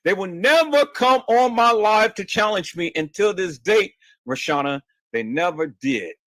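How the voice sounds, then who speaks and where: A man's voice: sits high, lively intonation, measured pace, fairly bright tone, dry recording. A man hosting a livestream and answering viewer questions, emphatic and insistent, often stammering and repeating words. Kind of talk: heated livestream talk.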